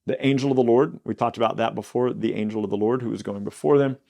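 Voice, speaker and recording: A man's voice: mid-range voice, fairly even intonation, gravelly, dark tone. A man hosting a Bible podcast, teaching in a casual, conversational way and briefly acting out the quoted lines. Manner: conversational, acts out God's lines with quick quirky quotes.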